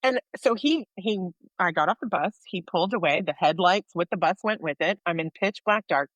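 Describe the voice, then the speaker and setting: An American woman co-hosting a podcast, telling a personal story in a lively way and acting out the voices of people in it. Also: fairly low pitch, moderate pace, no room sound. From United States. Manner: animated storyteller, acts out dialogue. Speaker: podcast co-host sharing her faith story.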